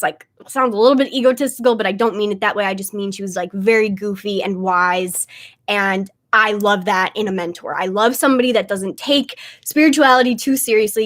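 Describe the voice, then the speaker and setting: This tarot reader and livestream host is a young woman whose medium-pitched voice is a bit bright. Her talk is casual and chatty, packed with fillers like "um" and "like," and she's tearful, right on the verge of crying as she fights the tears back.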